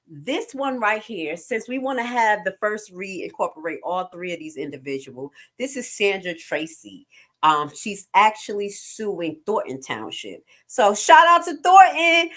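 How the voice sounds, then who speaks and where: A woman hosting a casual live stream, blunt and jokey, swearing freely and jumping suddenly in pitch and loudness.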